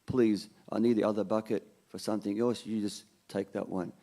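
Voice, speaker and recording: A man voicing a patient, wise old grandfather in a story told during a sermon, in his own low voice. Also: steady tone, fairly quick, mellow.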